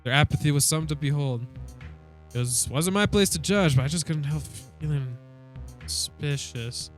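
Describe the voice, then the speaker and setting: A man's voice: fairly high pitch, normal speed, soft background music. A man reading a story game aloud, joking and swearing between lines. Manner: jokey, swears, laughs at himself. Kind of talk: reading and reacting to a narrative game.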